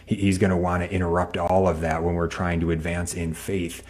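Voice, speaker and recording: Deep-voiced male talk show host. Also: monotone, darkish tone. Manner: measured, explanatory, with fillers. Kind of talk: religious talk show hosting.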